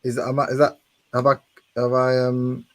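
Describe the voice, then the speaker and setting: A man's voice: medium pitch, monotone, moderate pace, dry recording. A man hosting a casual online debate, asking probing questions with many fillers.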